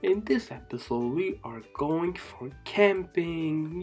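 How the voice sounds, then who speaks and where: An excitable narrator of a kids' cartoon who keeps repeating short phrases in a chanting way. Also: mid-range voice, measured pace, hardly any pauses, soft background music.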